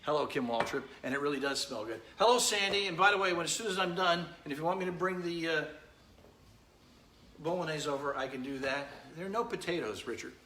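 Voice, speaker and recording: A man's voice: fairly high pitch, a little fast, bright, forceful tone. Man, cooking show host, chatty with viewers, echoey kitchen, faint hum behind. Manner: chatty, greets viewers by name while cooking. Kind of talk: live-streamed cooking demo, chatting with viewers. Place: home kitchen.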